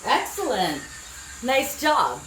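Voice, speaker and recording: A woman leading a children's yoga class, giving gentle, encouraging instructions with frequent praise. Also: sits high, wildly swooping pitch, takes it slowly, echoey room, faint music behind. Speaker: kids yoga teacher. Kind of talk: guided children's yoga lesson.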